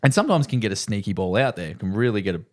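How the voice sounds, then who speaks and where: A man with a lowish voice co-hosts a laid-back podcast. He tells stories in an animated way, swears freely and keeps checking in with "right?". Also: racing. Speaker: podcast co-host. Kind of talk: casual chat.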